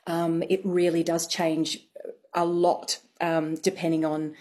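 A woman's voice: lowish voice, little pitch movement, takes it slowly, mellow. A woman, a guest on a radio show, explaining thoughtfully with fillers. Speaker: accent expert guest. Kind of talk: radio interview.

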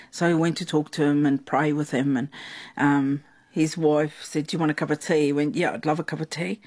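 South African woman telling lively stories. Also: low voice. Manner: animated, laughs often, acts out quotes. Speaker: guest. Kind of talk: conversational storytelling.

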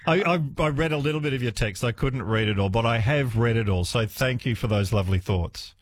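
A man's voice: mid-range voice, fairly quick, slight background noise. A man hosting a talkback radio show, chatting with callers and laughing often. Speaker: radio host. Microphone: studio microphone.

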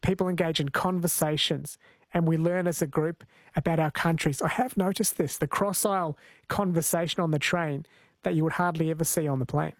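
A man hosting a radio talk show, briskly introducing callers and guests. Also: on the high side, fairly even intonation, no echo. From Australia. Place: radio studio.

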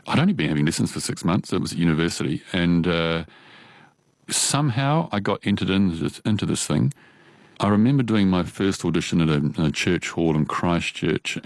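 A very low-voiced man with a New Zealand accent, spinning anecdotes with easy laughter. He talks in a chatty, animated way, slipping into quick impressions of people. The sound is close and dry, with no room around it. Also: no echo. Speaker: guest, opera singer. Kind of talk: relaxed storytelling.

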